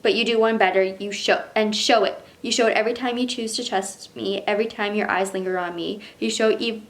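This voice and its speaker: Woman reader plays a determined young female dragon rider; earnest, soft, pleading, mid-pitched. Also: fairly even intonation, a little fast, close to an everyday voice.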